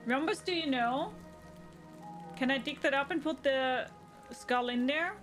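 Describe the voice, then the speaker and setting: A woman's voice: high voice, a little slow, fairly bright tone, faint music behind. A woman with a German accent chatting casually while streaming a game, thinking aloud and answering her chat. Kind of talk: casual gaming livestream chat.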